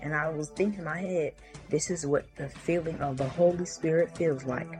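A woman's voice: deep voice, fairly even intonation, moderate pace, music in the background. A woman giving an urgent, insistent testimony and warning to listeners.

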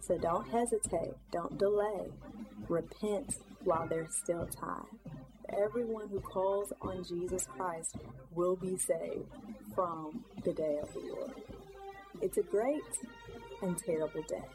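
A woman's voice: on the low side, low-quality recording. A woman narrating in a scripted religious style, earnestly urging listeners. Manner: slow, earnest exhortation. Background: music.

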